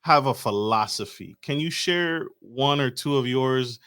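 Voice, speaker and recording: A man's voice: medium pitch, unhurried, fairly bright tone. A man hosting a podcast, hyping up his guest with casual slang and stumbling through his questions. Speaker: podcast host.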